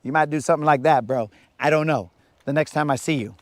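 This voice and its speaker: Speaking fast in a slightly high voice, this man runs a casual fishing livestream outdoors on a lake. He jokes with his viewers in a loose, slangy way, and the sound is dry.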